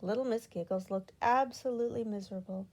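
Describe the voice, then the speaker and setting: A woman reading a children's storybook aloud in an expressive, unhurried way. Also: on the high side. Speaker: children's book reader.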